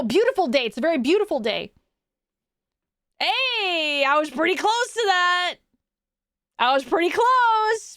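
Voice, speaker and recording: High-voiced chatty woman streamer. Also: a bit bright, no room sound, studio quality. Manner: chatty, laughing, swears freely. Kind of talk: casual stream chat.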